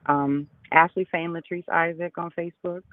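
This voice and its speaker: A man's voice: fairly high pitch, level tone, normal speed, no echo, narrow, tinny audio. A man guesting as a comedy promoter on an online radio talk show, chatting casually, laughing easily and restarting his phrases. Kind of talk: casual interview chat.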